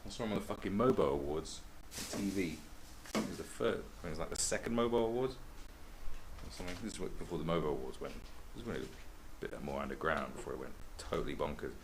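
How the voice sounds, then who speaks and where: A man's voice: deep voice, quick pace, background noise. A man hosting a podcast, telling rambling, sweary stories in a casual monologue.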